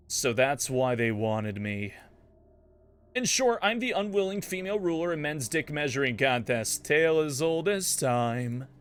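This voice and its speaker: A streamer man narrating as a sarcastic young woman, with wry, deadpan asides over faint music. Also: a little high, a little slow, smooth. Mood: snarky. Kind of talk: comedic in-character narration.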